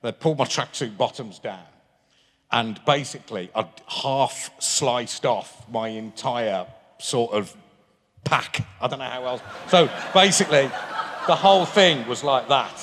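A man's voice: mid-range voice, lively intonation, unhurried, fairly bright tone. Rambling man in a big hall. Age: 50s. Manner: rambling storyteller with many restarts. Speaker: guest. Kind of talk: live stage interview, anecdotes. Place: large town hall stage. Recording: long reverb of a large hall.

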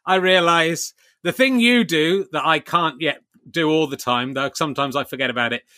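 A man's voice: fairly high pitch, normal speed, bright, forceful tone, no room sound. A man hosting a podcast from home, talking in a wry, self-mocking and rambling comic way. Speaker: podcast host. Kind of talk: chatty comic monologue and interview. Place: at home during lockdown.

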